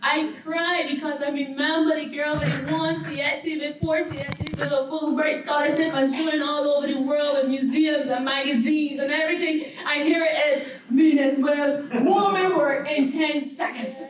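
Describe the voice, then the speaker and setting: A Barbadian woman tells her story to a lecture audience in a fairly high, bright-toned voice, acting out every exchange with energy. She is picked up from some distance in a roomy hall, with a faint hum of room noise underneath. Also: moderate pace, hardly any pauses. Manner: animated storyteller who acts out the quotes in her story. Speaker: guest artist lecturer. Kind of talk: public lecture.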